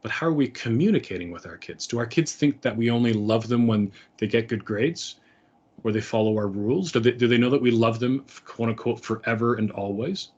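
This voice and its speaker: A man's voice: mid-range voice, a little fast, a little mellow, dull audio. A middle-aged man giving an earnest, conversational talk to parents, with frequent fillers and restarts. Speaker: speaker.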